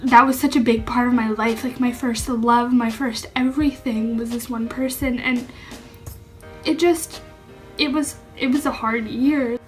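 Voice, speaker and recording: A young woman with a slightly high voice shares a personal coming-out story straight to camera. She talks casually, full of "like", and her voice turns tearful at times. Soft music plays faintly behind her. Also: steady tone, a little slow. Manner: heavy use of "like", emotional and tearful at times. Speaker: vlogger.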